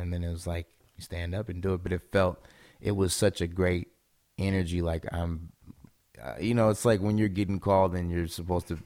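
A man's voice: low-pitched, flat delivery, moderate pace, a little mellow. A young man from Seattle, chatting casually as a podcast guest, rambling and laid-back with lots of filler words and frequent laughs.

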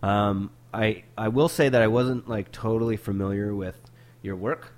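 A man's voice: on the low side, fairly even intonation, moderate pace, a little mellow. A man hosting a casual interview in a backyard studio, loose and chatty with many fillers, getting over a cold. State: recovering from a cold. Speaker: podcast host.

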